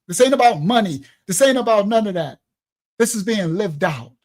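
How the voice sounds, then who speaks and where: High-voiced man preaching with streetwise warmth. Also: normal speed. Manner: animated, streetwise, laughing while he tells stories. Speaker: ministry leader. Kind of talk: livestream preaching to his congregation.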